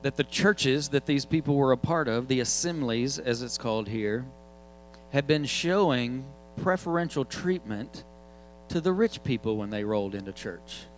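A man's voice: medium pitch, animated, normal speed, soft background music, rough recording. A man, preaching in a casual, joking storytelling way. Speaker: guest preacher. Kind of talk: sermon storytelling.

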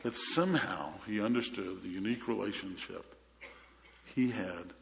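Preaching at a normal speed, this pastor has a gravelly, lowish voice that trails off into long reverb. His sermon unfolds as casual storytelling, and he often begins sentences over.

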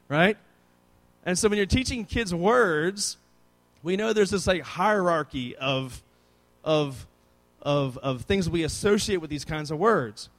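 A man's voice: fairly high pitch, animated, a little slow, fairly bright tone. A man in his thirties preaching a sermon, telling family stories with playful asides and acting out his children's voices. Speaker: pastor.

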